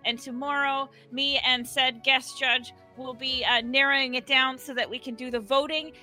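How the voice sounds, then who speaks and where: A woman's voice: sits high, steady tone, normal speed, sharp tone, soft background music. A woman co-hosting a streamed tabletop game, making chatty, giggly announcements. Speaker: co-host and player.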